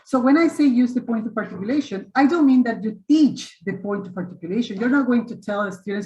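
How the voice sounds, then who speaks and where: A patient teacher in her 50s hosts an online English webinar, slowly repeating and modeling vowel sounds to demonstrate them. Her voice is fairly high and mellow, heard over dull, lo-fi video call audio in an echoey room.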